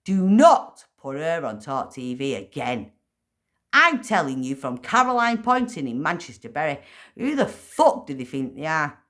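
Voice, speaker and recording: A woman ranting furiously to camera, swearing and breaking into bursts of shouting. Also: deep voice, big pitch swings, measured pace. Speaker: vlogger. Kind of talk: angry rant to camera.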